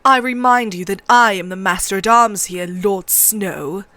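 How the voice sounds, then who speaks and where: A woman voicing a cruel, mocking middle-aged male master-at-arms with a sharp, cold voice, in a book reading. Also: on the high side, very animated, unhurried, no echo. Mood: sneering.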